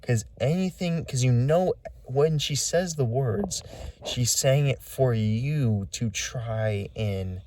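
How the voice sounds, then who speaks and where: A man telling a creepy story in a casual vlog, rambling and halting with lots of fillers as he hunts for words. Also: medium pitch, dark tone, a little hiss or hum. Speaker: vlogger.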